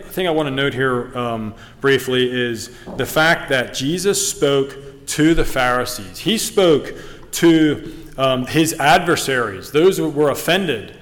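A man preaching a sermon, earnest and halting, with frequent ums and restarts, reading scripture aloud. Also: medium pitch, a bit bright. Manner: reads scripture in King James wording. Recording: long reverb of a hall.

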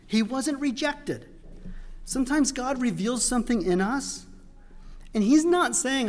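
Slow-talking preacher in a reverberant hall. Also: male voice, very high-pitched, lively intonation. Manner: conversational, with restarts and sudden loud emphasis. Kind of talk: sermon. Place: church sanctuary. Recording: long reverb of a church hall.

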